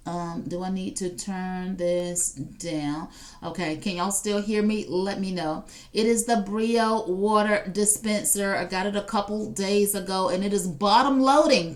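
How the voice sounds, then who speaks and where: A woman hosting a casual live shopping stream, chatting to viewers and reading out their comments. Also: mid-range voice. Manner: chatty, addresses viewers directly, reads out chat comments. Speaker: live shopping show host.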